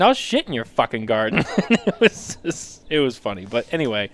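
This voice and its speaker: A man's voice: medium pitch, big pitch swings, moderate pace. An American man co-hosting a podcast, teasing his co-hosts in rambling casual banter and laughing often. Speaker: podcast co-host.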